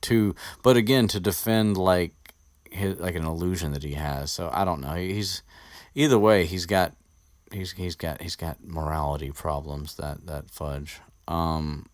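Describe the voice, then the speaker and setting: A man's voice: low voice, gravelly, no echo, clean studio sound. A man hosting a casual podcast chat, rambling and profane, with frequent restarts. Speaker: podcast host discussing a book.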